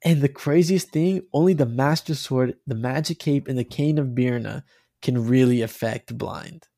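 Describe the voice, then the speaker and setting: A man co-hosting a casual podcast, rambling about a video game with animated, swearing talk and many restarts. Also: mid-range voice, normal speed, vocal fry, no echo, clean studio sound. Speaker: podcast co-host.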